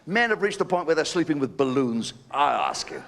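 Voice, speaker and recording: A man's voice: a little high, sing-song, brisk, fairly bright tone. A man doing a live stand-up routine, telling cheeky stories and throwing asides to the audience. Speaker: stand-up comedian. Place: live show venue. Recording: noisy live stage recording.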